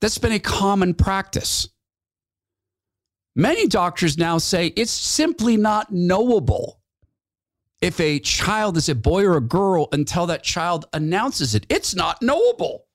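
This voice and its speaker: A man's voice: high-pitched, sing-song, unhurried, no room sound. A man hosting a talk radio show, delivering a sarcastic, mocking opinion monologue and laughing at his own jabs.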